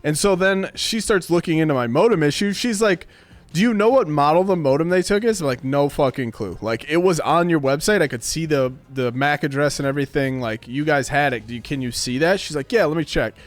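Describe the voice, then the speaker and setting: A man's voice: on the high side, fairly quick, dry recording. A man in his thirties ranting to his live stream chat, swearing and acting out the people he quotes. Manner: animated, swears a lot, acts out quoted voices. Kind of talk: casual rant to stream chat. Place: home streaming room.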